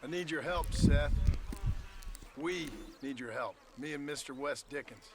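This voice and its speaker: An actor playing a stoic male gunman in a video game, calm and terse, asking short questions. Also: fairly high pitch, a little slow, vocal fry, heavy background noise. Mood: steady. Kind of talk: video game cutscene acting.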